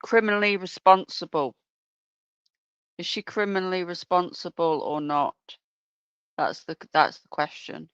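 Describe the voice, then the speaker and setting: A co-host joins the casual chat, explaining things calmly and sometimes stopping to find the right words. The sound is dry and a bit dull. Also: medium pitch, measured pace, long pauses, smooth, no room sound.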